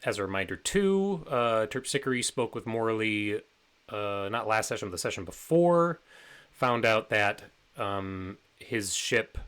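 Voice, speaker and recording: A man narrating as game master of a tabletop game, relaxed and rambling with many fillers. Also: fairly low pitch, unhurried, clear, resonant tone.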